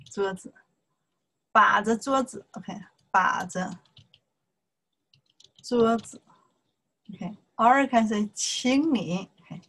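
Chinese lady teaching at a whiteboard, super slow, says okay constantly, simple english. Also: medium pitch, a bit bright, poor audio. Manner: drawn-out slow syllables, frequent "okay" checks, simple non-native English. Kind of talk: slow whiteboard language lesson.

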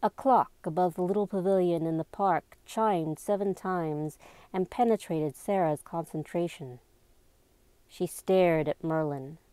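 In a mellow, slightly low voice, a woman who is an amateur reader takes her time narrating a novel, deliberate in the way of storybook reading. The sound is dry and close-miked, free of echo.

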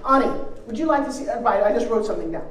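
On a stage in a large event hall, a woman delivers an energetic, joking motivational talk about pitching to a live seminar audience. She speaks rapid-fire, and the recording picks her up from a distance with roomy hall sound and a little hiss or hum.

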